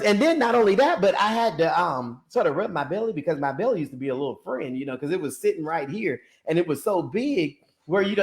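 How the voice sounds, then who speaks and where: A young man with a preacher's manner, talking about fitness, calling out to his listeners and laughing often. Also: fairly high pitch. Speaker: ministry founder and personal trainer. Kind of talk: lively preaching-style talk to an online audience.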